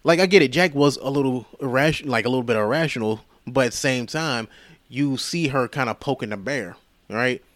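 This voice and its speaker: A man's voice: medium pitch, a little fast, no room sound. A man hosting a podcast, retelling a movie in a casual, profane, rambling way. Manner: profane, rambling, animated retelling with quoted voices. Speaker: podcast host.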